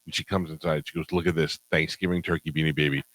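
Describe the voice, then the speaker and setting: A man with a very low voice hosts a radio show, spinning a funny story in an easy, amused way. The studio sound is close and dry. He laughs easily as he goes. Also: level tone, fast, a bit bright, no echo, poor audio. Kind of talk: casual radio chat.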